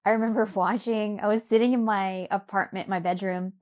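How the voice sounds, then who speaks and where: A young adult woman from Louisiana, an interview guest telling her own story in a reflective, soft-spoken way with many fillers. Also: medium pitch, steady tone, brisk. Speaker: podcast guest. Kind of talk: personal story in a conversational interview.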